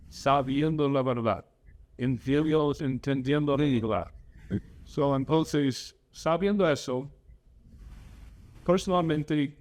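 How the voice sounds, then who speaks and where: A man's voice: mid-range voice, darkish tone. Earnest man hosting a political podcast. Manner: earnest and opinionated, switches into Spanish to interview. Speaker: podcast host. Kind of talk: casual political chat.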